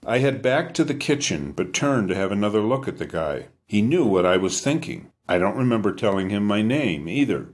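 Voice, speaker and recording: A man reading his own book aloud in an even, first-person storytelling manner. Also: fairly low pitch, a little fast, few pauses. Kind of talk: audiobook narration.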